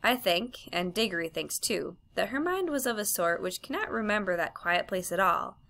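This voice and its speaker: A woman reading a children's fantasy novel aloud as an audiobook narrator, measured and expressive. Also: medium pitch, vocal fry. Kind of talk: storybook narration.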